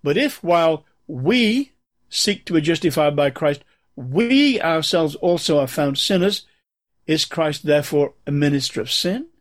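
Man preaching a measured sermon. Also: fairly high pitch, lively intonation. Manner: measured, emphatic scripture reading.

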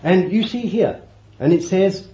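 A man preaching a sermon, swinging from loud declarations to hushed asides and repeating phrases for emphasis. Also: high voice, expressive, measured pace. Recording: roomy, dull old sermon tape.

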